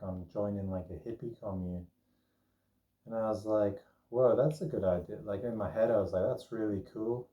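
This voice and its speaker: A young man rambles through a personal story, chatty and full of fillers. His voice is low and mellow. He sits well back from the mic in an echoey room. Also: far from the mic. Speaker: vlogger telling a personal story. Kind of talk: casual storytelling.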